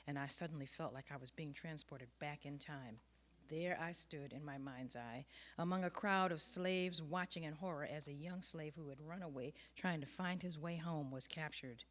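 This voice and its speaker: A woman author reading her own personal essay aloud in a measured, earnest way. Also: sits low.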